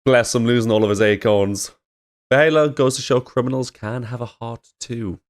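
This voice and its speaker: A man hosting a reaction video, commenting loudly between laughs. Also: medium pitch, moderate pace.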